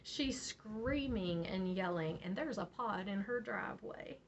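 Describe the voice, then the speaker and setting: Woman, lively storyteller, laughs a lot, slightly muffled audio. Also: mid-range voice, unhurried. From West Virginia. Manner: animated, laughs often, acts out quotes. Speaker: beading channel host. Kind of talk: casual storytelling. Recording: slightly dull audio, faint noise.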